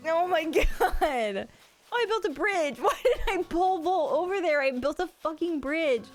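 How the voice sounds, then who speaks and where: Giggly woman streamer, lively voice. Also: extremely high pitch, a little slow. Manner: giggly, laughs often, crude jokes. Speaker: livestream gamer. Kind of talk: casual live-stream chat.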